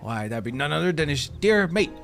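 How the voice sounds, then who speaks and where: A man's voice: on the high side, big pitch swings, moderate pace, fairly bright tone, faint music behind, heavily acted. A man doing a boozy swaggering pirate brute. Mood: boastful. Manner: gruff rolling pirate brogue, slurred and swaggering. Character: boozy boastful male pirate bodyguard, middle-aged.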